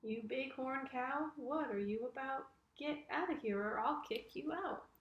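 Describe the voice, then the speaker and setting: A rude little ram barks out threats in a storybook tale, as a woman storyteller puts him on. The voice sits a little high and blustering. The room adds a clear echo. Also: a little slow, fairly bright tone, lo-fi sound. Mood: scolding. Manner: scolding, blustering. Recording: roomy echo.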